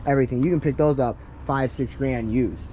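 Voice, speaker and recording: A man giving a casual walkaround of his car outdoors, talking in a halting way with many ums and restarts. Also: mid-range voice, steady tone, warm tone, a little hiss or hum. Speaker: car vlogger.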